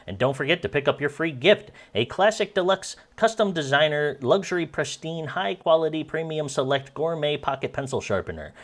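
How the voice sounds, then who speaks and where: A man's voice: mid-range voice, voice pushed up, lightly acted. A man voicing an over-the-top male sales announcer, piling up adjectives in a breathless hard-sell practice monologue.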